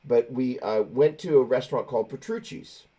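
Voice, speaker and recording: A man's voice: mid-range voice, normal speed, warm tone. A man hosting a casual chat, telling stories with many restarts. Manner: rambling, self-correcting storyteller. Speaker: host.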